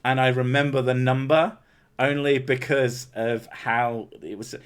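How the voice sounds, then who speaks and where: A man's voice: mid-range voice, steady tone, unhurried, clean tone. Joking English man, casual chat. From England. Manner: swearing, joking, laughs often. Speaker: livestream host.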